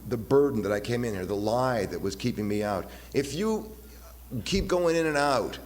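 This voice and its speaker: A man in his fifties giving a halting, personal talk at a recovery meeting, often repeating his words and acting out voices as he retells. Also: medium pitch. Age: 50s. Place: meeting hall. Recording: long hall reverb, faint hiss.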